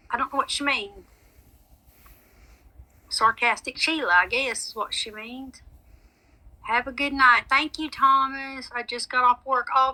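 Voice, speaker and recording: A woman's voice: high voice, sharp tone, poor audio. A woman, chatting casually with her livestream viewers as a psychic medium, rambling on and calling them honey and sweetie.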